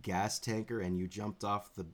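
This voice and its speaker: A man's voice: on the low side, flat delivery, moderate pace, fairly bright tone. A man in casual chat recapping a film, rambling a bit, laughing and acting out quoted lines.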